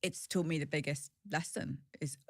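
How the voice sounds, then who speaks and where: A woman's voice: low-pitched, steady tone, moderate pace, dry recording, clean studio sound. A woman in her forties speaking as an interview guest, frank, chatty and self-deprecating. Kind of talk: candid conversational storytelling.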